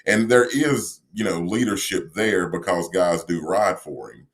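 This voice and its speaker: A man co-hosting a sports podcast, talking in a measured, reflective way with frequent fillers. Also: sits low. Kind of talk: casual sports analysis.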